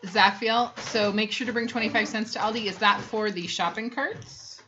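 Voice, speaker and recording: A woman in her thirties co-hosts a laid-back family livestream, rambling chattily and reading viewer comments aloud amid plenty of ums. Her mid-range voice moves at normal speed, and the dull lo-fi stream audio carries background noise.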